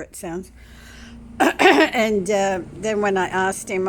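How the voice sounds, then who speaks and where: A woman in her sixties, rambling through a complaint to the camera and clearing her throat often. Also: mid-range voice, drawn-out words. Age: 60s.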